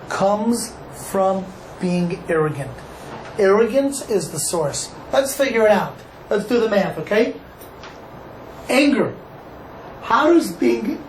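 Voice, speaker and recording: A male rabbi from Cleveland, Ohio, giving an animated Torah class and acting out dialogue for a live group. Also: high-pitched. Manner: animated, acts out dialogue, asks the audience questions. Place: echoey room with a small audience. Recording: echoey room with faint noise.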